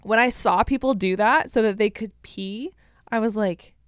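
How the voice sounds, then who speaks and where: A woman's voice: mid-range voice, normal speed, smooth, no echo, studio quality. A young woman co-hosting a podcast, telling rambling stories in casual chat. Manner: chatty, rambling storyteller. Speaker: podcast co-host.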